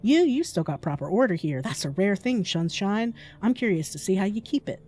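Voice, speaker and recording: A woman reading the lines of a rough, cynical male drifter in a horror game, blunt and menacing. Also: mid-range voice, very animated, a little fast, dark tone. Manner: blunt, menacing street talk.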